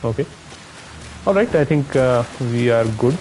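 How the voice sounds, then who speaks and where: A man's voice: medium pitch, expressive, measured pace, darkish tone, slight background noise, poor audio. A man from India with an Indian accent, giving casual commentary on his own gameplay, muttering to himself and chatting with viewers. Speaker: streamer.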